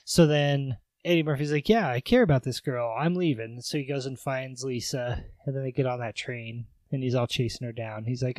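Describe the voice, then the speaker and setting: A man's voice: mid-range voice, steady tone, fairly quick, hardly any pauses, a little mellow, no echo. A man co-hosting a podcast, recapping a movie in casual chat and acting out the characters' lines in raised voices with frequent laughs. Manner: acts out quotes in raised voices, laughs often. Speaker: podcast co-host.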